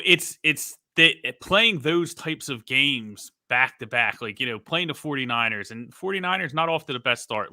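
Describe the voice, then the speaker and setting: A man, co-hosting a sports podcast in animated casual talk. His voice is very bright and sharp, and the sound is dry and close. He mocks the coach when he quotes him. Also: medium pitch, no room sound. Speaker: podcast co-host.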